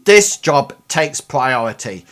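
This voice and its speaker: A man's voice: medium pitch, slow, natural voice. A man voicing an irate male troll boss who barks clipped, vengeful orders. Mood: angry commanding. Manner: shouting orders, clipped and forceful.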